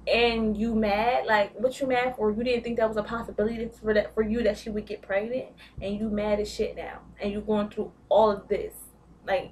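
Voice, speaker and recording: A woman's voice: a little high, far from the mic, slight background noise. Blunt, profane young woman vlogger. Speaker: vlogger recapping a reality show. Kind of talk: casual recap.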